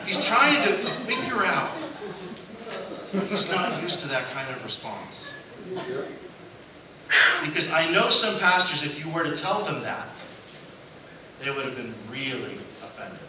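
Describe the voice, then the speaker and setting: A man's voice: fairly high pitch, big pitch swings, unhurried, long pauses. A male pastor giving a sermon, telling funny stories and acting out the voices of the people in them. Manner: storytelling, acts out voices in quotes, laughs at own jokes. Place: church sanctuary. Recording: echoey church from far off with noise.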